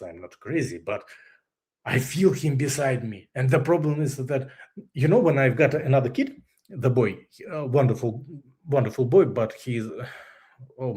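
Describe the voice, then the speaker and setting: A man's voice: mid-range voice, a little mellow. A man with a Russian accent speaks English as a second language, stopping often to hunt for the right word. He tells his own story openly as an interview guest, breaking into laughter along the way. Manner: halting, searches for English words, laughs often. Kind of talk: candid personal story.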